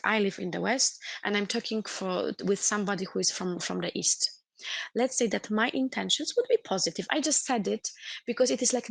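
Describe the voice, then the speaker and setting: A woman's voice: medium pitch, creaky, breathy edge, dry recording. A woman trainer giving a webinar lecture, explaining earnestly and reworking her sentences with "let's say" and "like" as she goes. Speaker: corporate trainer.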